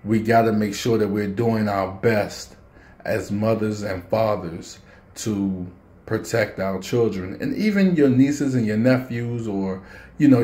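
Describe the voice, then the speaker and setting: A man's voice: medium pitch, warm tone, reverberant. A man, telling a personal story and speaking to parents in a casual, earnest vlog. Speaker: vlogger.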